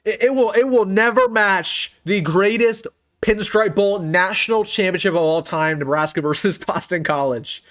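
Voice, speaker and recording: A young man hosts a casual live sports stream and runs through his picks. His voice sits a little high, and his delivery is excitable and emphatic. He often repeats a line to drive the point home. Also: moderate pace. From United States. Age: young adult. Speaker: sports channel host.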